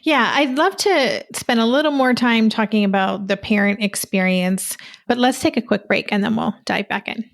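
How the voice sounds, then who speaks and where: A woman's voice: a little high, moderate pace, gravelly. A woman hosting a parenting podcast, asking her guest long conversational questions. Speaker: podcast host. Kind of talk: interview hosting.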